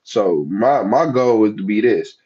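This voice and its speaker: A man's voice: fairly low pitch, animated, measured pace, darkish tone, dull audio, slight background noise. A man with a Southern US accent who grew up in the United States, talking casually and chattily to his chat as a livestream host. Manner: chatty, laid-back, talks straight to chat.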